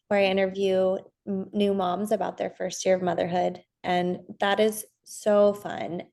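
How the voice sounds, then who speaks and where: A woman therapist from the United States, a podcast guest, speaking in a calm, measured and gentle way. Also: medium pitch, gravelly. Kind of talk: casual interview chat.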